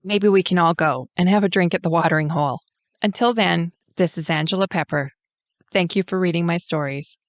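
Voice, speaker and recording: A woman's voice: fairly low pitch, brisk, no room sound. A woman author with a Canadian accent reading her own author's note with friendly, self-deprecating humor. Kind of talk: author's note, read aloud.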